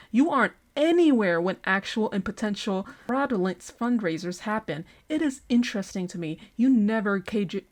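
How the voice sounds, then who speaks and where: A woman's voice: mid-range voice, darkish tone. A woman delivering a scathing, sarcastic commentary rant at other creators, swearing often and reading from a prepared statement. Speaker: online commentator.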